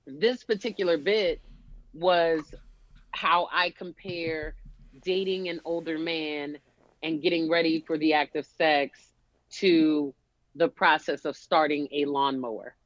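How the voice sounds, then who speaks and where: A woman comic chats casually and tells animated stories, acting out the lines of the people in them. Her voice comes through dry and close, with a dull, lo-fi sound. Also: deep voice, slow, no room sound. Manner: animated storytelling, acts out quotes. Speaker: stand-up comedian. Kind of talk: casual chat.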